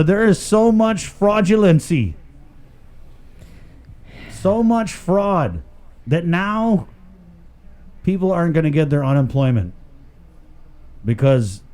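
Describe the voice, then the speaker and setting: A man's voice: on the high side, warm tone, clear, resonant tone. A man hosting a morning radio show, talking in loose, jokey banter with lots of fillers from a studio.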